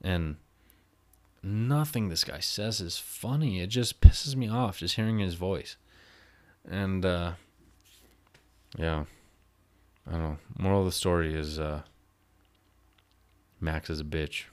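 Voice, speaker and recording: A man telling a work story in a casual, exasperated rant, swearing freely and getting louder as he vents. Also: deep voice, takes it slowly, long pauses. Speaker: vlogger.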